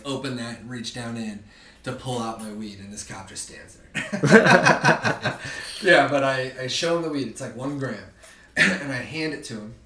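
Here a young podcast guest with a medium-pitched voice spins a casual, animated tale, swearing freely and imitating the other people in it. He's far from the microphone, so the sound is roomy with faint noise in the background.

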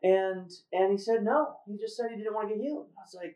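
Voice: medium pitch, brisk, mellow. A host telling a faith story in a casual, earnest way, with fillers and restarts. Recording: roomy echo, far from mic.

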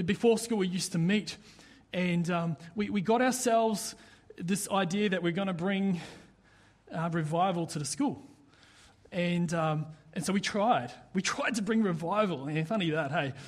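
A young man giving a casual sermon, chatty and halting, with many restarts and fillers. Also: high-pitched. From Australia. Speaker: pastor.

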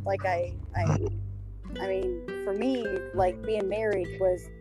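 A woman's voice: medium pitch, fairly even intonation, takes it slowly. A woman in casual podcast chat, candid and profane, laughing often and acting out the voices she quotes. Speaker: podcast guest interviewing the host. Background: background music.

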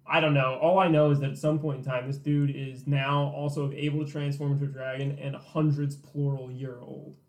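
A woman's voice: a bass voice, a little fast, hardly any pauses. A young woman chatting casually about a book, swearing and acting out the characters' lines. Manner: animated, swearing, mock-quotes characters. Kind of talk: casual podcast chat.

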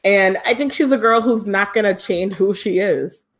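A woman's voice: medium pitch, normal speed. A woman co-hosting a podcast, chatting casually in a gossipy, slangy way about celebrity news. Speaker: podcast co-host. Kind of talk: casual chat.

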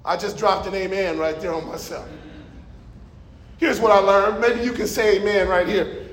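A middle-aged male pastor preaching a sermon in a church, emphatic and folksy, now and then shouting a stressed word. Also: high-pitched, steady tone, moderate pace. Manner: folksy asides to the congregation.

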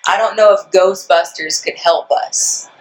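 A woman being interviewed outdoors, giving short, dry answers with deadpan humor. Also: on the low side, measured pace, rough recording. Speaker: interview guest. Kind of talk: casual interview chat. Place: outdoors in front of a store.

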